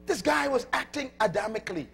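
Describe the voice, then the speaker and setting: A male preacher delivering a sermon emphatically, calling out to the congregation and shouting at peaks. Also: extremely high pitch, lively intonation, brisk, gravelly, a little hiss or hum. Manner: emphatic, calls to audience.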